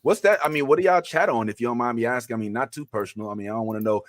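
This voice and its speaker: A man hosting a casual live show, teasing his guest in an animated, joking way. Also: mid-range voice, racing, dry recording, clean studio sound. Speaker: host. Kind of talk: casual chat.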